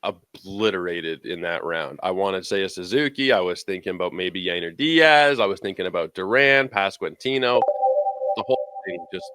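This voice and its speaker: A man's voice: deep voice, moderate pace, hardly any pauses, sharp tone, clear, resonant tone, no room sound, faint music behind. A man in casual podcast chat as a fantasy baseball analyst, rambling and restarting his sentences.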